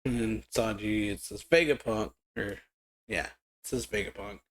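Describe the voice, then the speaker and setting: A man's voice: lowish voice, moderate pace, slight background noise. A man hosting a reaction video, casually reading and commenting, hesitant with fillers. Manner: casual, hesitant, reads quotes aloud with laughs between. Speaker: reaction channel host.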